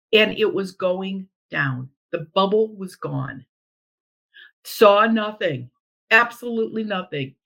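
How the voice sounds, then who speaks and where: A woman's voice: medium pitch, poor audio. A middle-aged woman telling a personal story in casual chat, acting out what people said. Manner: animated, acts out quoted voices. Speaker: storyteller guest.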